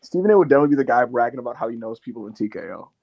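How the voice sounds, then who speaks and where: A man co-hosting a casual wrestling chat show, animated and quick to laugh. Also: mid-range voice, gravelly. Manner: animated, laughing, slips into shouted impressions. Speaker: podcast co-host. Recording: dull lo-fi audio.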